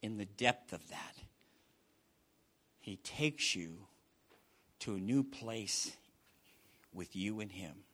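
A middle-aged man preaching a sermon, swinging from loud bursts down to hushed near-whispers. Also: on the low side, lively intonation, slow pace, pauses often, husky. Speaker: pastor.

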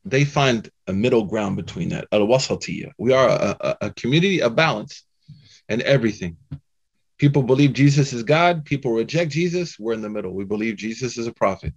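A man's voice: medium pitch, fairly quick, breathy edge. Casual storytelling man, muffled recording. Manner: casual, animated storytelling full of "you know" and "man". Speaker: Muslim speaker giving a talk. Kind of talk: storytelling talk.

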